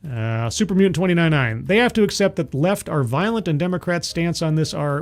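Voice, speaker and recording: A man with a somewhat high voice hosts a political commentary livestream, sardonic and loose, stumbling through restarts and fillers as he reads out viewer chat. Faint music plays softly underneath. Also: lively intonation, a little fast, hardly any pauses. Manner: rambling with frequent fillers and restarts. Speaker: livestream host.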